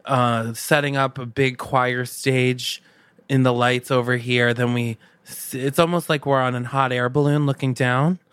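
Guy making up a silly movie plot on a podcast, smooth voice, super dry mic. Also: mid-range voice, fairly even intonation, a little slow, a bit bright, no echo. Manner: narrates a made-up movie scene, acting out lines. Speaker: podcast co-host. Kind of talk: improvised comedic storytelling.

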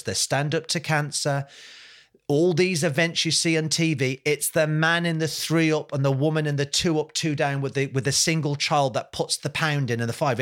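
A man's voice: a little high, a bit bright. A man being interviewed, telling a story with passion, building to angry emphasis, swearing bluntly, repeating phrases and calling the host mate. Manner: speaks in lists and repeated phrases, says mate often. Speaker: podcast guest.

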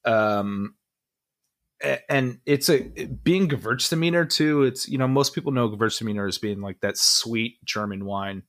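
At medium pitch and normal speed, with a fairly bright tone, this young podcast co-host chats casually. He's enthusiastic and rambles, using lots of fillers.

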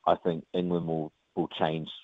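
A man's voice: a bass voice, moderate pace, no room sound. A man with a New Zealand accent, a rugby player chatting casually in an interview, rambling with plenty of ums. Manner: relaxed, rambling, lots of ums and uhs. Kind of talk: casual interview over the phone. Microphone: phone. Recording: tinny dry phone line.

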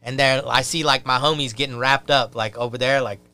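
A young man telling a story in casual chat, profane and animated, acting out the voices of the people in it. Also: medium pitch, fairly quick.

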